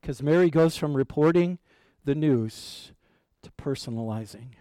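A man preaching a sermon as pastor, animated, asking his listeners questions and dropping to a near hush for emphasis, with light humor. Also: a little high, unhurried, no room sound. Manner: light humor with an occasional chuckle.

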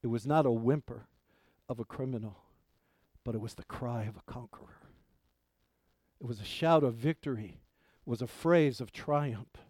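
A man's voice: medium pitch, dry recording. Emphatic male preacher with a dry sound. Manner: preaching with slow emphatic repetition, swinging from hushed to loud. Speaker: pastor. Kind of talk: sermon.

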